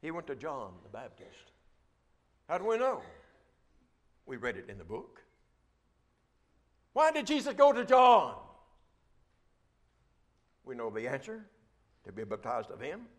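A man's voice: fairly high pitch, wildly swooping pitch, unhurried, pauses often. A man preaching a sermon, reading scripture and asking rhetorical questions with a repeated refrain.

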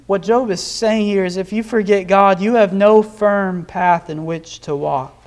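A young man from Nebraska, USA, preaches a sermon in a high, unhurried voice. He's earnest, and his voice rises for emphasis when he quotes scripture.

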